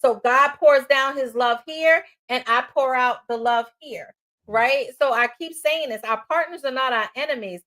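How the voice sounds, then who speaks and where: A woman from New York with a New York accent, co-hosting a faith-based relationship talk in a loud, passionate, preacherly way. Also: high voice, normal speed. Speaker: co-host.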